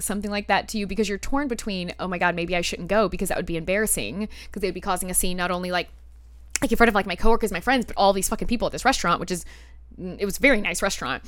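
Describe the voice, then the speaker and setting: A woman hosting a podcast, telling a personal story in a candid, animated way and swearing freely. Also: mid-range voice, quick pace, pauses often, no room sound. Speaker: podcast host. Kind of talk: casual storytelling monologue.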